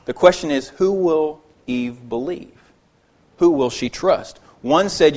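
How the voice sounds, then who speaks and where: A man's voice: medium pitch, expressive, unhurried, darkish tone. Man preaching with frequent restarts. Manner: repeats words as he restarts phrases. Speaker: pastor. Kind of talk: sermon.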